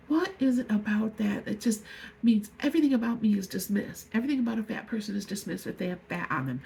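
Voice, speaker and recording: Gravelly, husky woman in her fifties. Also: a little high, darkish tone, poor audio. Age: 50s. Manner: angry, tearful, halting outpouring. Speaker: vlogger. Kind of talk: emotional personal vlog.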